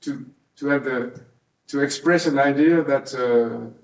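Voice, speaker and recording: An older man from Brittany with a French accent, speaking English as an interviewee at his home, halting and searching for words with many fillers. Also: mid-range voice, creaky. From Brittany, France. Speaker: interviewee, harpist. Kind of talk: casual interview talk. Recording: echoey room, mic at a distance.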